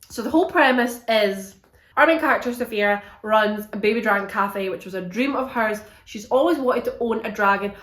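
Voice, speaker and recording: A young woman giving a casual, animated book review, swearing a lot and sounding exasperated. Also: a little high, echoey room.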